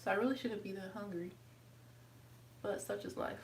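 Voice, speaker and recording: A woman's voice: moderate pace, far from the mic, low-quality recording. A woman talking casually through her hair routine as a vlogger, chatting along as she works. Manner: chatty, talks to her dog in a high sweet voice. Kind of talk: casual hair tutorial chat.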